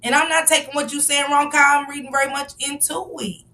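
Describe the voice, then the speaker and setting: A woman's voice: sits high, steady tone, a little fast, sharp tone, far from the mic. A woman giving passionate live-stream commentary, firing off rhetorical questions and sometimes raising her voice. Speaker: livestream commentator.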